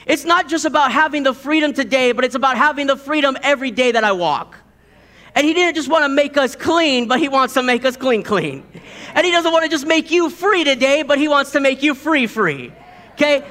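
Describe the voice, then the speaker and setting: A man's voice: very high voice, pushed and bright. A man in his thirties preaching a sermon, telling stories with chuckles and repeating key words for emphasis.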